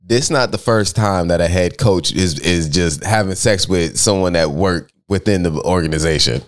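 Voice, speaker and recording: A young man co-hosting a podcast in casual chat, rambling and animated, jumping up high when he reacts. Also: moderate pace. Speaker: podcast co-host.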